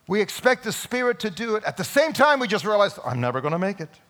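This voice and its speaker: A man preaching a Sunday sermon in a church, emphatic, with sudden loud peaks. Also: high voice, big pitch swings, fast. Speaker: pastor.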